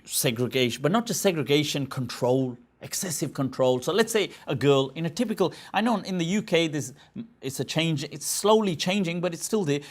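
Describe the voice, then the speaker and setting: A man lectures on religion in a loose, conversational way. His voice sits a bit high for a man, and he often restarts sentences and asks the audience rhetorical questions. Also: lively intonation, a little fast. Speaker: Islamic scholar lecturing.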